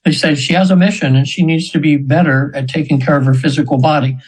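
A man in his seventies, a hypnosis practitioner, telling stories in a chatty, rambling way with laughs and quick high voices for the people he quotes. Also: steady tone, darkish tone, slightly rough, rough recording. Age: 70s. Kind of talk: storytelling in an interview.

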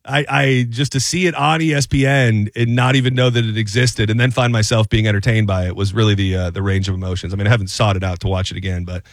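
A man hosting a radio show, telling stories in a rambling, animated way with lots of fillers. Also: lowish voice, fast talker, few pauses, dry recording. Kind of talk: casual on-air banter. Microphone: studio microphone.

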